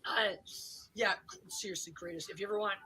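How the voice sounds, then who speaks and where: A woman's voice: medium pitch, steady tone, brisk, a crowd in the background, poor audio. A woman hosting a casual livestream, chatting to viewers, greeting them by name and dropping into whispered asides. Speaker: livestream host.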